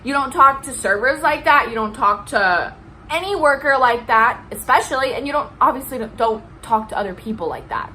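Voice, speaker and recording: A young woman tears into a heated, swear-heavy rant straight to her vlog viewers. Her voice sits a little high and rings bright and sharp. A faint hiss of background noise runs under the recording. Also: normal speed, poor audio. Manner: heated, profane, emphatic ranting. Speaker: vlogger. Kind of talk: ranting vlog.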